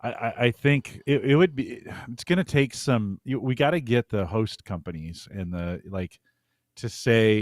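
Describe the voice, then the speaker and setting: Male co-host, halting and relaxed, middle pitch, dry recording. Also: no echo. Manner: halting, laid-back, trails off. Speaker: podcast co-host. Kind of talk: casual live chat.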